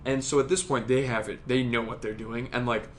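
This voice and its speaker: Podcast co-host, male, mid-pitched, rambling and excitable, salty language, casual chat. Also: brisk, slight background noise. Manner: rambling, excitable, swears a lot.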